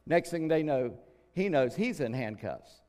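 A middle-aged man preaching a sermon as pastor, in a folksy, chatty way with jokes and quick asides. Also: on the high side, animated, dark tone. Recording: long hall reverb.

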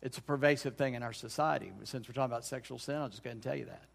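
A man's voice: medium pitch, fairly even intonation, very fast, gravelly. A middle-aged man preaching a sermon as pastor, folksy and conversational, often restarting his sentences. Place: church sanctuary. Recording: long church hall reverb.

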